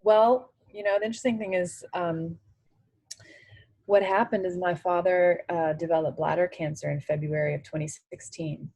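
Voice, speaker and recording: A woman's voice: on the low side, fairly even intonation, normal speed, dark tone, husky, dry recording, low-quality recording. A woman in her forties, a former tennis player, speaking candidly in an interview, full of "you know" fillers.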